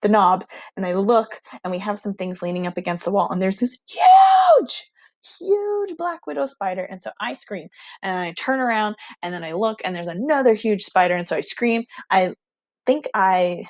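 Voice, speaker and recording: A young woman teacher telling her students a casual, animated story, excitable and full of "like". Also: medium pitch, moderate pace, no room sound.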